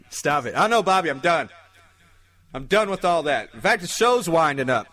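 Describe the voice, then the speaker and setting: Loose, profane male podcast host, high and bright. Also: expressive, a little fast. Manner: loose, rambling, profane, jokey. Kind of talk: casual comedic podcast talk.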